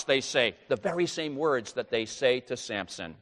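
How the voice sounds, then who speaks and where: A man's voice: medium pitch, expressive, moderate pace, few pauses, fairly bright tone, long reverb tail. A man preaching a sermon, teaching through scripture with emphatic rising stresses. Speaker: pastor.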